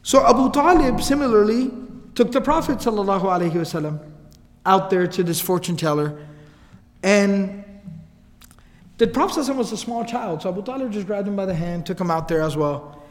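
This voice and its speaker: A man's voice: high-pitched, fast, long pauses, big-room sound. A man telling a story as a casual lecture, acting out the quoted lines. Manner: animated, acts out quotes, casual asides.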